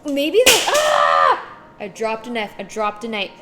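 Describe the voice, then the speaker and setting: A woman streamer in casual chat, reading chat aloud and acting out little voices with a giggly, animated manner. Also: a little high, measured pace, loud music behind the voice.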